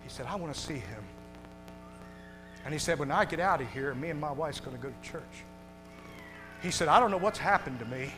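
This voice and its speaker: A male pastor preaches in a church sanctuary, his fairly high voice ringing with a long hall reverb. He swings from quiet, intimate moments to shouted peaks, and music plays behind him. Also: animated, brisk, long pauses. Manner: swings from hushed and tender to loud shouting. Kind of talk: preaching a sermon to a congregation.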